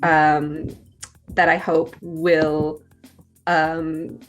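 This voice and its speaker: A woman's voice: sits low, flat delivery, extremely slow, muffled recording, soft background music. A woman from California with a Californian accent, chatting casually as a guest teacher, with many fillers and restarts. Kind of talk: casual conversation.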